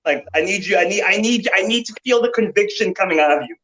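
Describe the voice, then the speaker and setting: Talking fast in a high, fairly bright voice, a male fitness coach explains his coaching approach during a panel talk. He is confident and emphatic, often restarting and repeating words as he begins. The audio is poor, with a little hiss or hum.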